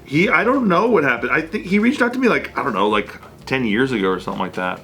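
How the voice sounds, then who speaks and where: Quick-talking male co-host with a mid-range voice, telling a story in casual chat. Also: medium pitch, sing-song, bright, forceful tone. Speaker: podcast co-host.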